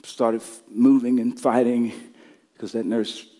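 A male pastor preaching a sermon, telling stories and building up to shouted climaxes. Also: medium pitch, flat delivery, a little slow, long reverb tail.

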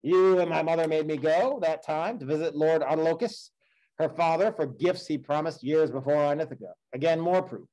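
A man voicing Odysseus, a returned warrior king who is steady and commanding, in a read-aloud of an epic poem. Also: a little high, moderate pace, voice pushed up, lightly acted, low-quality recording. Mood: earnest.

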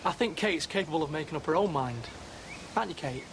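Brief: a wheedling, pushy man coaxing someone back, lively pitch, noisy TV drama audio. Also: quick pace. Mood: insistent. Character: smooth, pushy man luring back a lost friend. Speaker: persuasive former associate.

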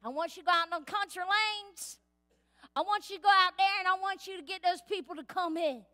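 A woman's voice: very high-pitched, fairly quick, pushed and bright. A woman preacher voicing a commanding male master of a feast, giving urgent orders, in a church hall. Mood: insistent.

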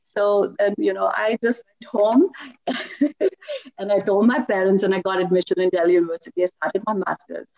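A middle-aged woman sharing personal devotional stories in a lively talk, laughing often as she tells them. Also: mid-range voice, normal speed, highs cut off. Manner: animated storytelling with frequent laughs.

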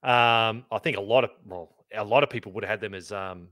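A man's voice: lowish voice, brisk, fairly bright tone, dry recording, studio quality. A man co-hosting a sports podcast, talking in a laid-back, mumbly way and swearing casually. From Australia. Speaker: podcast co-host.

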